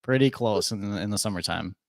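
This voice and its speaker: A man's voice: fairly low pitch, a little fast, dry recording, studio quality. A young man from Minnesota chatting easily as a podcast guest, with lots of filler words and restarts. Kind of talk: casual chat.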